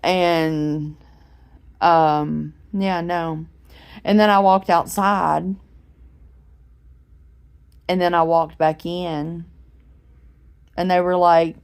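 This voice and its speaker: A woman in her forties speaks slowly in a low voice, like a vlogger talking to her viewers. She rambles and fills the gaps with ums, and she sounds a bit unwell while she sits in her recliner at home. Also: steady tone, clean tone. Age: 40s. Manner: rambling, chatty storytelling with many fillers. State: unwell, recovering from a head injury. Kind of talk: casual talking-to-camera vlog.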